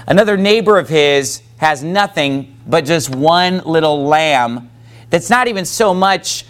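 A pastor preaches a sermon in a slightly high, fairly bright voice, animated yet a bit slow. He reads scripture in King James wording, builds emphasis as he goes, and drops into conversational asides full of fillers.

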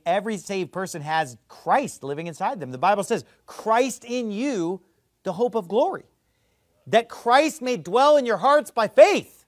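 Emphatic high-voiced pastor preaching. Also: male voice, no echo, studio quality. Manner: emphatic, swings between loud and low, mimics others mockingly. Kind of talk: sermon.

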